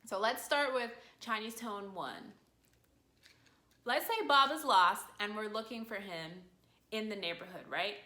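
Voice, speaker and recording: A woman teaching a video lesson in an animated way, her voice swooping up high when she acts out calling a dog. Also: measured pace. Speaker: language teacher. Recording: echoey room.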